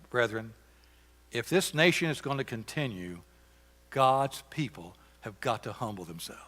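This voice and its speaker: A man with a Southern US accent preaching a sermon, reading scripture with rising force and dropping to quiet asides. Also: medium pitch. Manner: imitates bird calls to illustrate. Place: church sanctuary. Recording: church sanctuary with long reverb.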